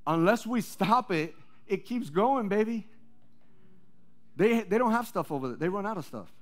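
Male pastor, high voice, lively sermon delivery with loud peaks and low asides. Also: moderate pace, long pauses. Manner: energetic preaching that swings between loud calls and low asides.

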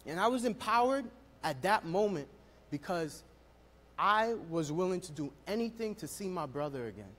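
A man's voice: high voice, big pitch swings, normal speed, a bit bright. A young man telling his personal testimony at a worship service, speaking with emotional, building storytelling. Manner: emotional storytelling, rising in intensity.

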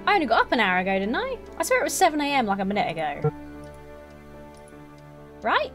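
A chatty woman commenting on a game as she plays, joking and muttering to herself. Her pitch jumps around a lot, and faint game music plays behind her. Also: huge pitch swings, very fast. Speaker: let's play streamer. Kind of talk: casual gameplay commentary.

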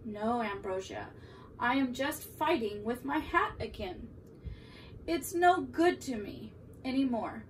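A woman's voice: high-pitched, animated, takes it slowly. A woman voicing an elderly man who scolds his old hat and fusses to himself, recorded from a distance with faint room noise. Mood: grumpy.

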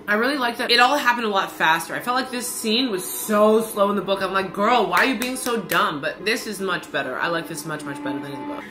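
A woman vlogging her reactions to a TV series, talking back at the screen in an animated, exclamatory way. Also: medium pitch, fast talker, soft background music. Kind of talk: casual reaction commentary.

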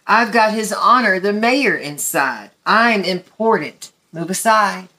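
A woman's voice: medium pitch, animated, slow pace, bright, forceful tone. A woman voicing a proud, pushy limousine in a children's story, talking in a bossy, self-important way.

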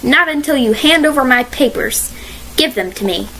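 A woman's voice: sits high, lively intonation, normal speed, a bit bright, a little hiss or hum. Storybook role: cranky elderly caretaker, read by a woman, quarrelsome and accusing. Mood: agitated. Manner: insistent, accusing.

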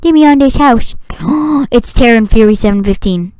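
A woman giving excitable gameplay commentary, talking to the game and shouting at it. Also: on the high side, moderate pace, smooth, no room sound. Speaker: gaming video creator.

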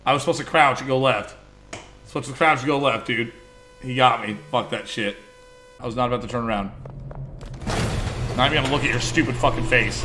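A man's voice: mid-range voice, a little fast, long pauses. A man streaming a horror game, swearing and reacting in panic, with game music playing behind him. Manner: panicked swearing, screams and repeated exclamations. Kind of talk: live horror game commentary.

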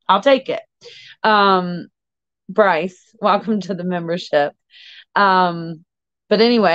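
A woman's voice: lowish voice, no echo. A woman hosting a casual livestream chat, talking with viewers and easily sidetracked. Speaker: livestream host. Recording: dull lo-fi audio.

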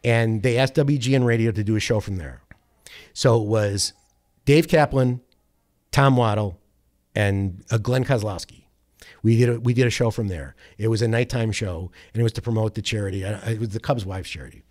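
A man on the low side of the pitch range talks at normal speed while recounting a long anecdote as a sports radio producer. It is casual, rambling storytelling with restarts, self-corrections, and quoted voices that bring it to life.

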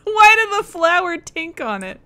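A woman's voice: very high-pitched, very animated, measured pace, bright, forceful tone. A young woman, chatting and giggling through a game as she streams it. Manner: chatty and giggly, talks to the game characters and chat. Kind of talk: casual gameplay commentary.

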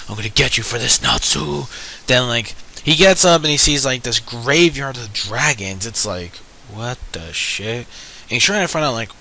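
A man's voice: mid-range voice, bright, forceful tone, low-quality recording. A young man casually reviewing an anime episode, rambling with many fillers and frequent swearing.

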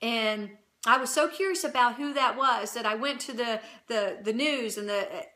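A middle-aged woman recounts a personal faith testimony in a high, bright voice. She speaks earnestly and emotionally, often breaking off and starting over. Her delivery is heartfelt and unpolished. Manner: earnest, emotional, halting with restarts. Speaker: Christian channel host.

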